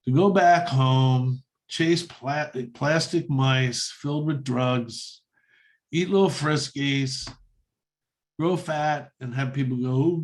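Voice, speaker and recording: A man speaking as a guest speaker, telling a story to a meditation group, with quick acted-out quotes. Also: medium pitch, poor audio. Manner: animated anecdote with quick acted-out quotes of others.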